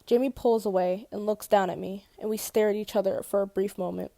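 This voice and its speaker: A woman's voice: medium pitch, steady tone, brisk, creaky, warm tone, dry recording. A woman reading a first-person novel aloud in a casual way, correcting her slips and swearing at them. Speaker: audiobook reader.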